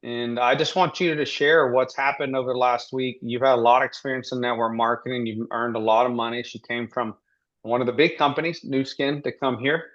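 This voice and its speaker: A man hosting a team training interview, asking rambling, halting questions with many restarts. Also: mid-range voice, steady tone, fairly bright tone, lo-fi sound. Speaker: host.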